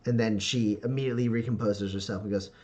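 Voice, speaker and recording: A man narrating as game master of a tabletop role-playing game, unhurried and full of "like". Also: lowish voice, steady tone, a little mellow. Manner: unhurried, lots of "like", laughs often.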